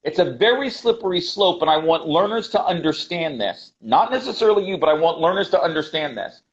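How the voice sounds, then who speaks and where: With lively intonation and a fairly quick pace, this American English teacher gives a passionate interview over video call. His high voice presses his points through repetition, he calls the host "brother," and the recording has the dull, lo-fi quality of call audio.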